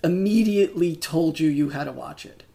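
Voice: medium pitch, normal speed, gravelly, warm tone. A co-host in a casual chat, blunt and agreeable, often chiming in with short remarks. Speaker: podcast co-host.

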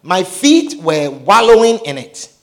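A man telling a dramatic personal testimony, his delivery swinging between hushed and shouted. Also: high voice, big pitch swings, measured pace.

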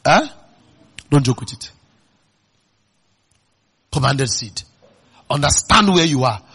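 A husky-voiced male pastor with a Nigerian accent delivers a sermon built on call-and-response, constantly asking the congregation questions. His volume swings from loud, forceful bursts down to quiet, low asides.

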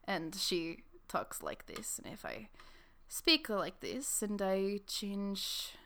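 A woman putting on her tabletop game character's voice, with a slower, deliberate cadence. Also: medium pitch, expressive, bright, forceful tone, heavily acted. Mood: measured.

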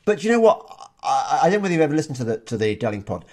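A man's voice: fairly high pitch, very animated, rapid-fire, darkish tone. A man hosting a podcast interview in a casual, chatty way, often repeating words as he restarts his sentences. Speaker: podcast host.

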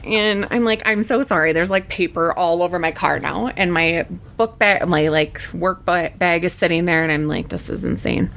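A woman's voice: normal speed, creaky, few pauses, a little hiss or hum. Young woman podcast cohost, chatty storyteller, voices the quotes. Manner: animated, acts out quotes with pitch jumps. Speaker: podcast co-host. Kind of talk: casual storytelling chat.

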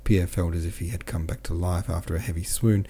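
A man narrating an audiobook in a steady, measured way. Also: low voice, vocal fry, a little hiss or hum. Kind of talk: audiobook reading.

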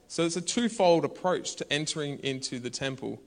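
In a church hall, a man preaches a conversational sermon at a fairly quick pace in a medium-pitched voice. His manner is animated, and he sometimes bursts into shouts.

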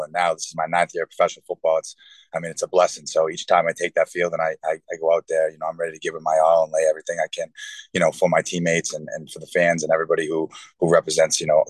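Low, flat, fast-talking man. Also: no echo, low-quality recording. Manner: earnest, rambling with many fillers. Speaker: professional football player guest. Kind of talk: casual interview talk.

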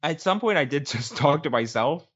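A man's voice: fairly high pitch, normal speed, slightly rough, dull audio. A man co-hosting a casual podcast, telling stories with lots of acted-out quotes and laughter. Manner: animated storyteller acting out quotes. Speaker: podcast co-host. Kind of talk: casual chat.

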